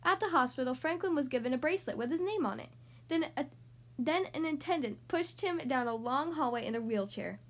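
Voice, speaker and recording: A woman reads a children's storybook aloud with a high, bright voice. She sounds gentle and expressive. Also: brisk.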